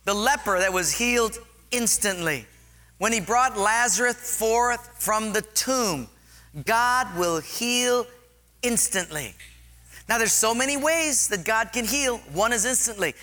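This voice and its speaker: A man preaching a sermon, telling stories with lively acted-out scenes. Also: sits high, measured pace, long reverb tail. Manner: animated storytelling, acts out scenes.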